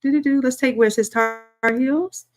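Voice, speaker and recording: A woman, a design instructor chatting through a live-streamed software tutorial, talking to viewers as y'all and thinking aloud as she works. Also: sits high, moderate pace, soft background music.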